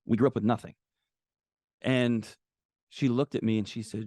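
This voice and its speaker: A man's voice: medium pitch, level tone, normal speed, pauses often, a little mellow, no room sound. Man telling stories candidly, acts out quotes, dry close mic. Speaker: guest author. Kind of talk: casual conversational storytelling.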